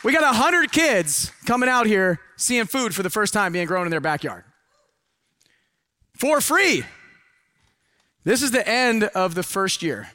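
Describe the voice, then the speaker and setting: A middle-aged man speaking at a live seminar with a high, bright and forceful voice. He preaches with energy and drops into hushed asides between loud urging. The sound is dry and close. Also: big pitch swings, measured pace, long pauses, dry recording, some chatter behind. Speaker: motivational speaker. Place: event hall with a live audience.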